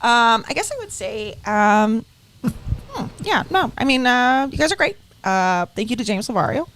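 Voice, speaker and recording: A woman's voice: a little high, big pitch swings, fairly bright tone, a little hiss or hum. Woman doing a dim laid-back sitcom actor. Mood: goofy. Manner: slow, fumbling, aimless.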